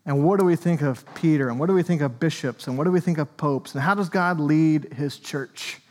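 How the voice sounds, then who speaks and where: A man's voice: fairly high pitch, fairly quick, a little mellow, big-room sound. A man, an Anglican priest, preaching a sermon in a conversational way with joking asides. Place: church.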